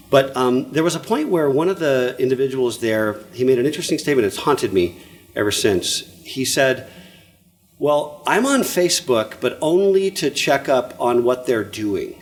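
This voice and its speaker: An older man presenting to an audience in a lively, jokey way, often checking in with listeners. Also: fairly low pitch. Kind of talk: lively conference talk.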